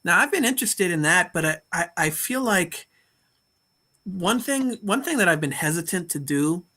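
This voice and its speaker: A man's voice: sits high, expressive, moderate pace, bright, forceful tone. A man chatting casually on a video call from his bedroom, thinking aloud and restarting his sentences. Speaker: modular synth hobbyist on a stream.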